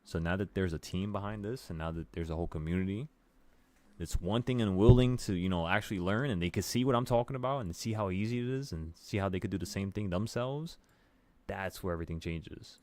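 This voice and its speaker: A man with a deep voice hosts a casual late-night trading stream, speaking fairly quickly as he walks through charts in a loose, offhand way. He's relaxed, swears now and then, and calls his viewers "bro."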